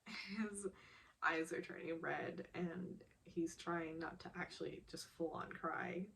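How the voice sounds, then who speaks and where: A woman's voice: lowish voice, fairly even intonation, takes it slowly, creaky, a bit bright, slight background noise. A young woman casually recapping a drama episode, often giggling and acting out the characters' quotes. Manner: emotional, giggly, acts out quotes.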